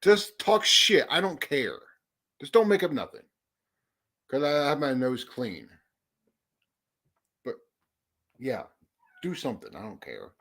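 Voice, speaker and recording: A man's voice: mid-range voice, very animated, takes it slowly, pauses often, a bit bright. A young man hosting a casual live chat, rambling and cursing, self-deprecating about being unsure what to do. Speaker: livestream host. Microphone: phone or headset mic.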